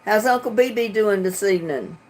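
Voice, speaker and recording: A woman's voice: mid-range voice, fairly quick, darkish tone. A woman from North Carolina with a Southern drawl, chatting casually and laughing often as she reads comments on her livestream from home. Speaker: livestream host reading chat. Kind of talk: casual live chat. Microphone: computer webcam mic.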